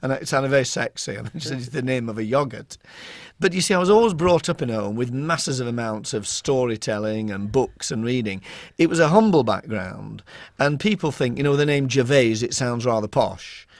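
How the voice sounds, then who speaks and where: A man spins funny anecdotes as a guest on a radio interview, slipping into the voices of the people he quotes. His voice sits at an ordinary middle pitch. The studio sound is dry and close. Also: animated, a little fast, dry recording. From England, Rotherham. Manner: humorous raconteur, acts out quoted voices. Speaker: author and school inspector, guest.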